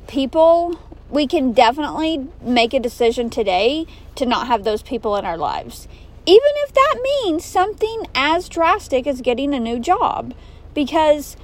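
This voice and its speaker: Female podcast host, casual motivational talk, slightly high voice, recorded in a car. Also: darkish tone, rough recording. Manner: upbeat, chatty, many fillers like "so" and "um". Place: inside a parked car in the rain.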